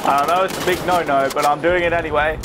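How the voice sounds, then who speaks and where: A man giving chatty, excitable live commentary while playing a video game, talking to his viewers and swearing now and then. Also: fairly high pitch, quick pace, noisy background. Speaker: gaming video host. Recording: commentary over loud game gunfire.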